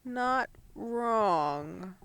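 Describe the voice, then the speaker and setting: A woman's voice: on the high side, animated, very slow, a bit bright, clear, resonant tone, no room sound. A young woman co-hosting a casual chat podcast, playful and teasing, laughing a lot. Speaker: podcast co-host.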